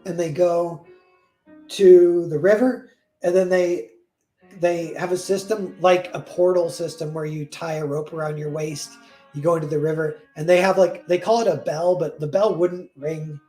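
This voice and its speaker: A man's voice: fairly high pitch, steady tone, normal speed, warm tone, soft background music. Rambling man retelling a fairy tale. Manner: rambling, full of "like" and self-corrections. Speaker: storyteller.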